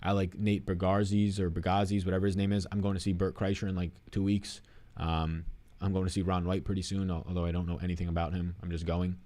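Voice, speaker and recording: A man's voice: low-pitched, level tone, a little fast, dark tone. A young man hosting a live stream, casually answering chat questions in a rambling, swearing, off-the-cuff way.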